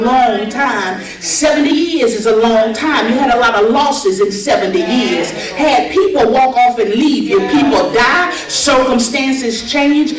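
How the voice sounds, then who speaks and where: A woman pastor preaching a sermon at a women's conference, reading scripture slowly and then building to fervent, shouted declarations with bursts of laughter. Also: fairly high pitch. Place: large conference hall. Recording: echoey hall, preacher from far off, audience noise. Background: responsive audience.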